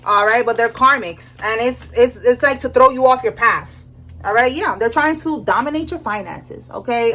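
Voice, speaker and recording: A young woman with a high voice talks through a tarot reading in a loose, slangy way. She keeps checking in with "all right?" and laughs often as she goes. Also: a bit bright, poor audio. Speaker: tarot reader. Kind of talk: casual tarot reading monologue.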